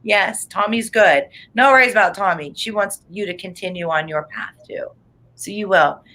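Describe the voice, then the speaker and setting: A woman's voice: mid-range voice, moderate pace, sharp tone, rough recording. A woman doing a live psychic reading, chatty and emotional, laughing often. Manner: chatty, effusive, frequent laughter; earnest and emotional.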